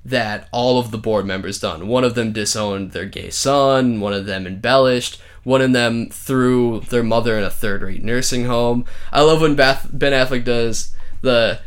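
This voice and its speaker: A man's voice: medium pitch, a little slow, clear, resonant tone. A man co-hosting a casual podcast, counting down favorite movie scenes in a rambling, profane way. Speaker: podcast co-host.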